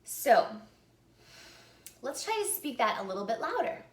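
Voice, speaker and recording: A woman's voice: a little high, big pitch swings, a little slow, echoey room. A woman singing teacher giving an upbeat vocal lesson to camera, speaking and then singing short example phrases.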